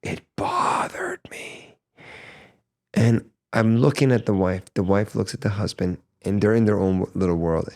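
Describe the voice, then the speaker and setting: Gravelly male podcast host telling a story. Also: lowish voice, fairly quick, hardly any pauses, dark tone. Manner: earnest, repeats words while telling a story. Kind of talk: casual storytelling chat.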